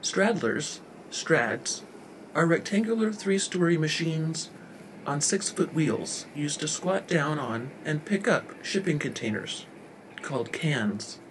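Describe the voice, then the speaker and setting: A man narrating a story in a wry, deadpan way. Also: fairly high pitch, slow pace, slight background noise.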